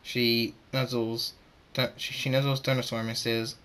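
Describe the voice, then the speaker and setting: A man reading a fan story aloud, halting and repeating words as he goes. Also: mid-range voice, flat delivery, fairly bright tone, smooth.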